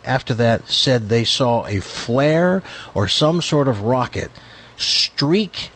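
A man hosting a talk show, chatting casually and telling jokes in an animated, incredulous manner, often repeating words. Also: mid-range voice, takes it slowly, husky. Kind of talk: casual chat and joke telling.

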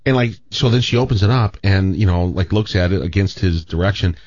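A man co-hosts a radio talk show in a low, easygoing voice, spinning an anecdote and chuckling as he goes. The sound is dry and a bit dull. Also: brisk, darkish tone, dry recording. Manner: easygoing storyteller, laughs at his own anecdotes. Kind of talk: casual radio banter.

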